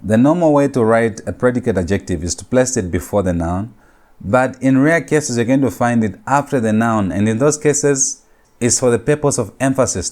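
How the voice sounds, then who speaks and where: A man lecturing on Hebrew grammar, talking deliberately, repeating key points and slowing down to spell out Hebrew words. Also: mid-range voice, a little mellow. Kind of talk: recorded classroom lecture.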